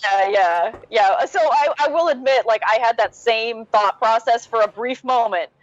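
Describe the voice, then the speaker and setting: A woman chats casually as a podcast guest, her voice a little high. She peppers her speech with "like". The recording is dry and slightly dull. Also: normal speed, no room sound. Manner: chatty, uses many "like" fillers.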